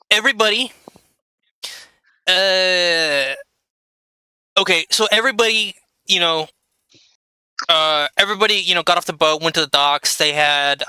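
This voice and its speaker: A game master narrating a tabletop game, hesitant, with frequent pauses and fillers. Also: medium pitch, sharp tone, smooth, no room sound. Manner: hesitant, with many fillers and restarts.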